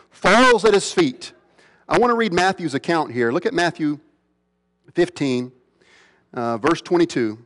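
A man preaching a sermon as a pastor, asking rhetorical questions and swinging between loud emphatic lines and hushed ones. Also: mid-range voice. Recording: long reverb of a large hall.

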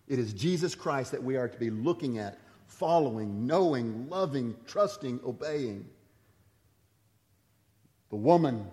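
Male pastor, sermon delivery, mid pitch, shifts between urgent emphasis and hushed asides, long hall reverb.

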